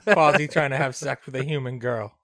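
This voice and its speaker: A man's voice: mid-range voice, brisk, pushed and bright, no echo, studio quality. A man co-hosting a podcast in casual chat, reasoning things out matter-of-factly. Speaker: podcast co-host.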